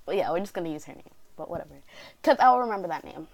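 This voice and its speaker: A young woman from Canada, chatting through a long personal story for her vlog. She rambles along casually, pausing on fillers and suddenly switching into lively voices for the people she quotes. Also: lowish voice, poor audio. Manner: chatty, rambling, animated quoting of others. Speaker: vlogger.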